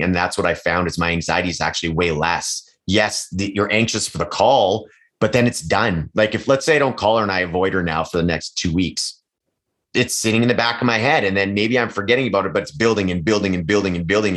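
A man's voice: sits low, fairly bright tone. A middle-aged man speaking candidly as a podcast guest, swearing freely and acting out other people's voices as he tells stories. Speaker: podcast guest, real estate agent. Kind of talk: casual conversational interview.

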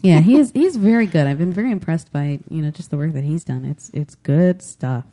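A woman's voice: low voice, lively intonation, a little fast, mellow. A woman co-hosting a podcast, recapping episodes and chatting casually with an easy, amused manner. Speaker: podcast co-host. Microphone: headphones with a desk mic.

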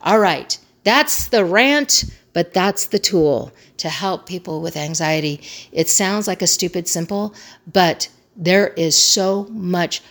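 A woman with a slightly low voice teaches crisis communication skills. She speaks earnestly in a motivational way and returns to her key phrases again and again for emphasis. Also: fairly even intonation, unhurried.

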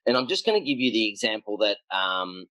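Low-voiced man telling coaching stories. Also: brisk, dry recording, poor audio. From Australia. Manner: animated anecdotes with acted quotes, frequent ums. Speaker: tennis coach, podcast guest. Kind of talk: conversational storytelling.

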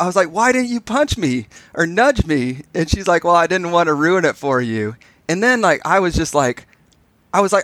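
A man co-hosting a podcast, telling stories in a chatty, animated way and acting out the dialogue. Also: a little high, moderate pace, no echo. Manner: animated storyteller, acts out dialogue. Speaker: podcast co-host. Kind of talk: casual storytelling chat.

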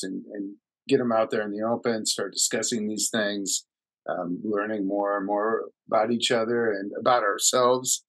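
A man with a fairly low voice co-hosts a casual podcast, speaking reflectively and haltingly and often restarting. The recording was made in a hall.

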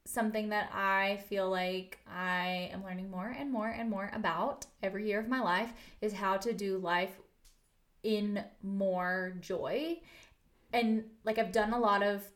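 In a laid-back podcast chat recorded in her kitchen at home, a woman co-host talks in an earnest, reflective way, filler words throughout. Her medium-pitched voice is fairly even, unhurried and a bit bright, picked up by a microphone on the table in front of her.

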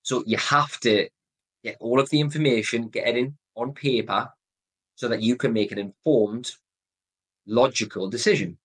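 Earnest and coaching, a North East England podcast host with a Geordie accent lays out a decision method in a solo advice talk, repeating the crucial points. His mid-range voice is a bit bright and husky at normal speed, on a rough recording.

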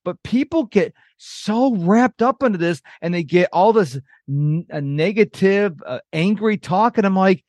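A man's voice: sits high, lively intonation, a little slow, a little mellow, no room sound. A middle-aged man hosting a podcast, talking in an emphatic, motivational way. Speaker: podcast host. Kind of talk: casual podcast conversation.

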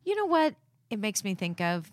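A woman's voice: mid-range voice, big pitch swings, moderate pace, no echo, studio quality. A woman co-hosting a marriage podcast, talking with her husband in an earnest, reflective way. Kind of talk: casual chat with her husband.

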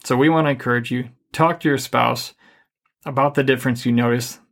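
A middle-aged man co-hosting a podcast, giving relationship advice in a calm, even, deliberately unhurried way. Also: medium pitch. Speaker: podcast co-host. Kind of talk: casual advice chat.

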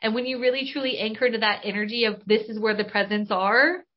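A woman with a slightly high voice talks enthusiastically through a spiritual coaching monologue. She is bubbly and casual and drops in mild slang. The recording sounds dull and lo-fi. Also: fast. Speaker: podcast host and business coach.

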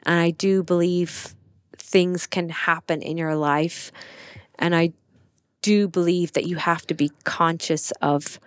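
A woman's voice: lowish voice, takes it slowly, dry recording. A woman, a podcast guest telling a personal story earnestly, with lots of "like" fillers. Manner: earnest, animated retelling with frequent "like" fillers.

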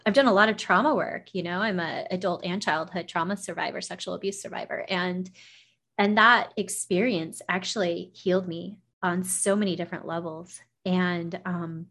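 A woman's voice: lowish voice, fairly even intonation, normal speed, a bit bright. A woman talking as a podcast guest, recounting a personal experience in an effusive, emotional way with many "like" fillers. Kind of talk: personal storytelling in conversation.

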